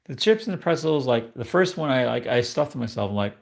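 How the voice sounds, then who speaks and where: A man from New York chats loosely with his live-stream viewers, his voice carrying a gravelly, creaky edge. He talks at a middling pitch, rambling from one thought to the next and laughing at himself now and then. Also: expressive, fairly quick. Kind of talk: casual live-stream chat.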